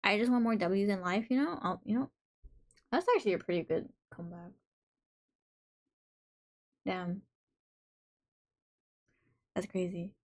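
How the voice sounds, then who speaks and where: A woman's voice: medium pitch, measured pace, long pauses. A woman hosting a live stream in casual chat, reading out messages from viewers and reacting to them playfully. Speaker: livestream host.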